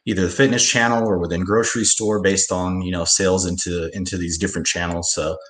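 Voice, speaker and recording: A man being interviewed as a company founder, halting and full of fillers, speaking over a video call. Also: low-pitched, level tone, a bit bright, reverberant. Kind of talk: casual interview.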